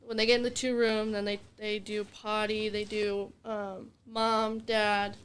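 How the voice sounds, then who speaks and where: A woman's voice: medium pitch, little pitch movement, a little slow, clean tone. A woman who teaches at a daycare, chatting casually and hesitantly with plenty of fillers. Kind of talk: casual chat.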